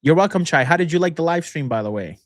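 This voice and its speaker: A man's voice: on the high side, animated, quick pace, no echo, clean studio sound. A young man hosting a casual livestream Q&A as a manifestation coach, chatty and rambling, laughing often between thoughts.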